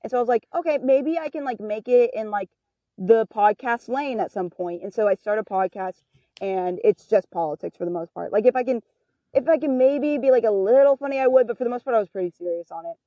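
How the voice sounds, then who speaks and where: A woman's voice: a little fast, no echo, lo-fi sound. A woman in her twenties, a guest comedian chatting casually on a podcast and telling candid stories, acting out the people she quotes. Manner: candid storyteller, acts out quoted people with pitch jumps.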